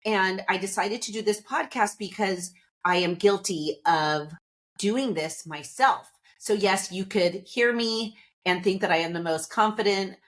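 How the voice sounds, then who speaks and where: A woman hosting her own podcast, talking in an upbeat, candid, chatty way straight to her listeners. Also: mid-range voice. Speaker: podcast host. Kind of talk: casual solo podcast talk.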